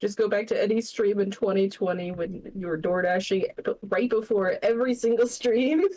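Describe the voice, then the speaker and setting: A woman's voice: medium pitch, moderate pace, mellow, slight background noise, poor audio. A young woman streamer playing a tabletop game, bantering in a teasing, casual way. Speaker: player and streamer.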